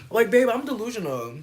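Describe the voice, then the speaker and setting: A woman's voice: deep voice, noisy background. A woman chatting casually on a livestream, reading and answering comments in a playful, laid-back way with plenty of swearing.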